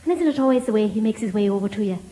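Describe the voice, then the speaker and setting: An Irish woman comedian telling a lively, gossipy story to a live theatre audience. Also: medium pitch, racing, roomy sound, low-quality recording.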